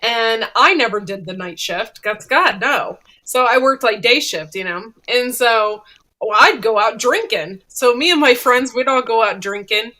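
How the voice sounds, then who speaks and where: Lady cohost rambling thru a funny story, bright voice, laughs a bunch. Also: a little high, measured pace. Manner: animated storyteller, laughs a lot. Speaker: podcast co-host. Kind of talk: casual chat.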